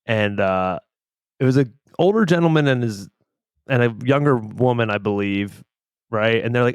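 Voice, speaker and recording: A man co-hosting a casual podcast, animated as he tells a story and quick to break into laughter. His voice sits at an ordinary middle pitch. It is recorded close and dry, with no room sound. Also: clear, resonant tone, dry recording. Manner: laughs often, animated storytelling with acted-out quotes. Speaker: podcast co-host. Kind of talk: casual chat.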